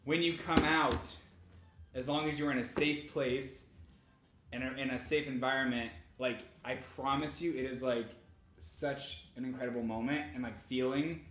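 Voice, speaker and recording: A man co-hosting a vlog, chatting excitedly and speaking straight to the viewers. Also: medium pitch, normal speed, a little hiss or hum. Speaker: vlogger, co-host. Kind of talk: casual chat. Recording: echoey room.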